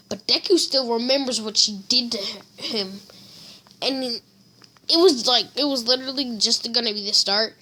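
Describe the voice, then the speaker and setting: Woman rambling thru a fan story, bright voice, slow and a bit high. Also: slight background noise. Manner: rambling, with fillers and self-corrections.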